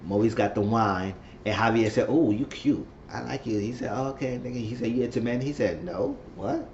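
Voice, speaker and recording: A man giving a casual recap of a TV episode, chatting and reacting loudly to what the characters do. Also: medium pitch, a little fast, dull audio, slight background noise. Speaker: TV show reviewer.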